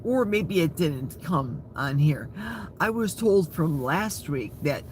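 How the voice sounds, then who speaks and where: A man's voice: on the high side, darkish tone, slight background noise. A man in his sixties from Wisconsin, hosting a live chat and reading viewer comments aloud. He talks straight to his viewers and laughs often. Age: 60s. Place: outdoors in a forest.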